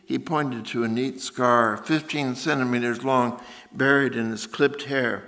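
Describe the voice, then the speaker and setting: A man reading his own literary fiction aloud in a measured, deliberate voice. His pitch sits right in the middle range for a man, and he takes his time over the prose. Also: steady tone, bright, forceful tone. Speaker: author. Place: museum event space.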